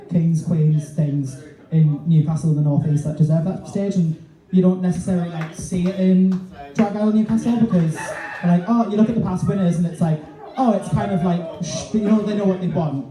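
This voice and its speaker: Guy with a high, very dark mellow voice, rambling live podcast chat, far from the mic in a roomy bar. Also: a little fast. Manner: rambling, lots of fillers, swears freely. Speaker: co-host, drag performer. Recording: echoey bar, distant mic.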